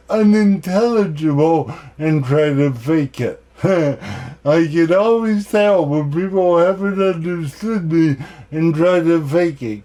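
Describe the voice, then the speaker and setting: A man giving a keynote talk, telling personal stories in a deliberate way with self-deprecating humor. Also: fairly high pitch, mellow. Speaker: keynote speaker.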